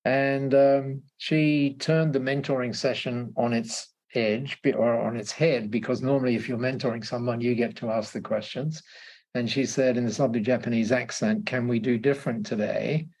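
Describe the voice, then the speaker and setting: Gravelly man telling stories. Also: mid-range voice, fairly even intonation, darkish tone. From Australia. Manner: halting, repeats words, laughs often. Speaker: guest. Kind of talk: casual conversational storytelling.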